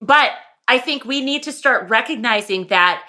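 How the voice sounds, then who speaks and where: Bright, chatty woman podcast host. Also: on the high side, expressive, moderate pace. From small-town farm background. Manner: chatty, emphatic, laughs easily. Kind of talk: conversational interview hosting.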